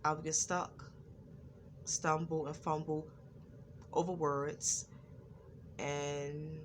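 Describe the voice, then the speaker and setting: A woman's voice: low voice, little pitch movement, drawn-out words, long pauses, a little hiss or hum. A woman vlogger talking to her viewers, stuttering at times and repeating words and phrases in an earnest, preachy way. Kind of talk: personal talk to camera.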